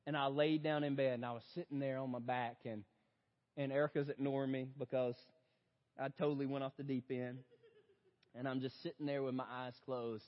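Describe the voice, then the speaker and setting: A young adult man preaching a sermon as a story, talking straight to his listeners and swinging between loud outbursts and hushed reflection. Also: mid-range voice, steady tone, fairly quick. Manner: storytelling, addresses audience as "you guys". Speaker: pastor. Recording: dull lo-fi sound in a big reverberant hall.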